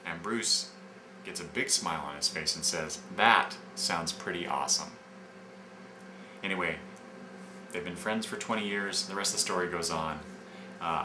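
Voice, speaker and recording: Male reviewer, low voice, loose and rambling delivery; roomy echo, audible background noise. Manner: rambling, many fillers and restarts. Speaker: comic book reviewer. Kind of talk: casual review, retelling scenes. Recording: echoey room with background noise.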